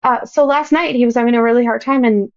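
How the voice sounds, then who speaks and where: A woman's voice: fairly high pitch, steady tone, fast. A woman in her thirties, a podcast guest, giving earnest, open advice in casual chat. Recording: dull lo-fi podcast audio.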